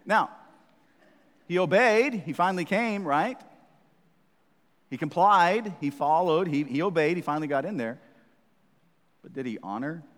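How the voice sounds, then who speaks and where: A man's voice: fairly high pitch, expressive, a little slow, long pauses. A man preaching a sermon as the pastor, in a conversational, teasing way, often checking in with "right?". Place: church. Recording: reverberant church hall.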